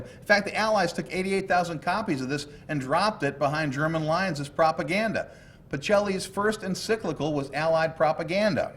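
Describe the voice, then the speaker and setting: A man lecturing from his slides in an animated, storytelling way, tossing in jokes and asides as he goes. His pitch sits in a middle range, and a faint low rumble runs underneath the recording. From United States. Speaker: law professor lecturing.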